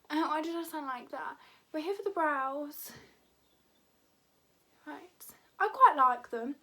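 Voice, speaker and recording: A woman's voice: high voice, measured pace, pauses often, sharp tone. A young woman vlogging in a rambling, chatty way, full of filler words. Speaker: beauty vlogger. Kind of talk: casual chat to camera.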